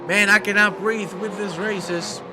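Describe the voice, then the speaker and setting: A man giving excitable, emotional commentary on a sim racing stream, breaking into exclamations. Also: high voice, measured pace. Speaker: race commentator. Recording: noisy with engine sounds behind. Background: racing car engines.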